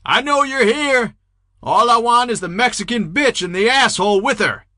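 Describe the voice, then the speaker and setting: A man voicing a vengeful male thug in an audiobook, yelling in a thin, weak voice. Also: lively intonation, moderate pace, dry recording, clean studio sound, full character voice. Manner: shrill yelling, thin and less full.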